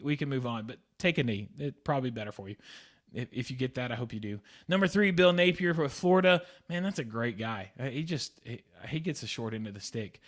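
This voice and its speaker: A man's voice: fairly high pitch, a bit bright. A young man hosting a solo sports podcast, talking in a heated, repetitive, exasperated way. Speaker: podcast host.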